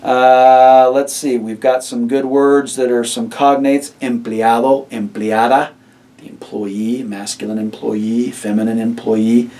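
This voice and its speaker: A man's voice: mid-range voice, flat delivery, mellow, far from the mic. Man teaching a vocabulary lesson. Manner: patient, explains slowly and repeats words for students. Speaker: Spanish teacher. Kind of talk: recorded classroom lecture.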